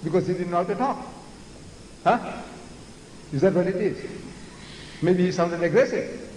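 A man in his seventies giving a public religious lecture, speaking forcefully and theatrically, sometimes mocking other voices. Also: sits high, normal speed. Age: 70s. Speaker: Islamic lecturer. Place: large lecture hall. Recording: echoey hall with faint noise.

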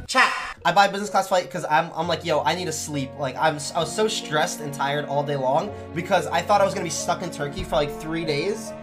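A young man streaming, telling stories in a casual, animated way and swearing heavily. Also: high-pitched. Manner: profane, animated, heavy swearing.

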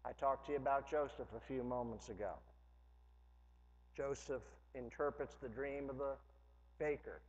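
A man's voice: mid-range voice, normal speed, pauses often. A man preaching a sermon as pastor, conversational with humorous asides, rising to emphatic preaching. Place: church sanctuary. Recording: dull lo-fi church hall recording with long reverb.

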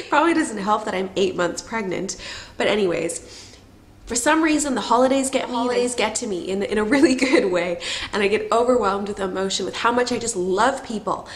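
A woman's voice: a little high, a little fast. Chatty emotional woman vlogger. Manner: warm, chatty, lots of fillers, laughs often. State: teary, emotional. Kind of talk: casual to-camera storytelling.

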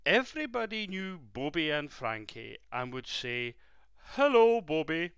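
Slow, bright-voiced man reading a story. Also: on the high side, sing-song, gravelly, clear, resonant tone, no room sound, clean studio sound. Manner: gentle, slow, addresses the child with questions.

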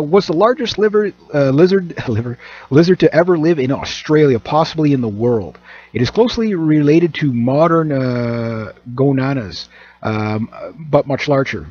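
Husky man rambling on camera. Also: mid-range voice. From Canada. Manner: rambling, joking, many fillers and restarts. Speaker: channel host. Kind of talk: casual monologue. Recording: dull lo-fi recording.

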